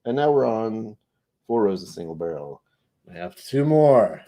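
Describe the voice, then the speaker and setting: A man's voice: on the low side, very animated, measured pace, dark tone. A young man hosting a casual whiskey livestream, chatting to viewers in a rambling, jokey way. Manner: rambling, jokey, talks to chat viewers by name. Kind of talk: casual live-stream chat reading comments.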